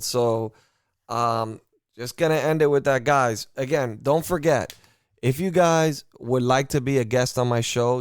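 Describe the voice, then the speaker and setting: A man's voice: medium pitch, clean tone, no room sound, clean studio sound. A man from Miami hosting a casual political podcast, talking in a blunt, unfiltered and profane way. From Miami, United States. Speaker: podcast host.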